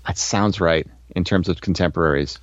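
A man hosting a podcast, chatting casually and thinking aloud with animated asides. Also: sits low, moderate pace, dry recording, highs cut off. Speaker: podcast host. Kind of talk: casual chat about a sitcom episode.

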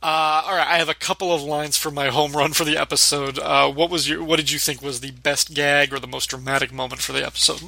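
A man's voice: a little high, flat delivery, fast talker, creaky, hardly any pauses, sharp tone. A man co-hosting a podcast, chatting casually about a sitcom episode and quoting its lines. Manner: chatty, quotes lines with light laughter. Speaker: podcast co-host.

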